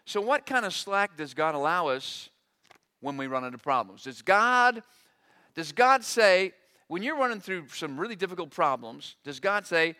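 A middle-aged man delivering a sermon, his voice pitched high and bright. He preaches with animation, slipping into short acted-out quotes as he goes. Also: big pitch swings, normal speed. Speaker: pastor.

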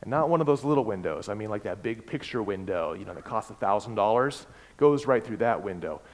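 Emphatic preacher in an echoing hall. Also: male voice, lowish voice, expressive, brisk. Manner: emphatic, repeats key words, varies loudness. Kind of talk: sermon. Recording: long hall reverb.

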